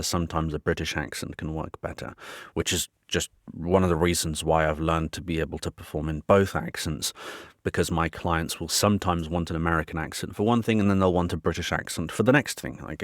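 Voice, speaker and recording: A man with a very low voice talks through his topic in a measured, explanatory way, pausing to restart a phrase now and then. The sound is close and dry, with no room echo. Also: a bit bright. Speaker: voice actor. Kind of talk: explainer talk to camera.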